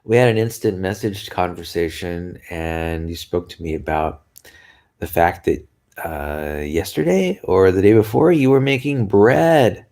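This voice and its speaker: A low-pitched, darkish male voice with lively intonation moves a little slowly as this vlogger talks to camera. It's rambling, chatty stuff, full of laughs and sighs, with an occasional tired yawn.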